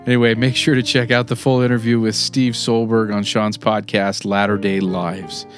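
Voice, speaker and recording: A man's voice: fairly low pitch, level tone, moderate pace. Guy doing the end-of-show podcast signoff, guitar playing behind him. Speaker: podcast host. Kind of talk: scripted podcast outro. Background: guitar music.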